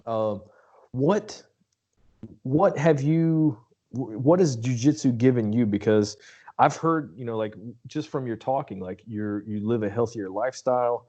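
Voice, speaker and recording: A man's voice: mid-range voice, unhurried, warm tone, lo-fi sound. A middle-aged man hosting a podcast interview, chatting in an easygoing, rambling way. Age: late 30s or older. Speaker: podcast host. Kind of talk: casual interview chat.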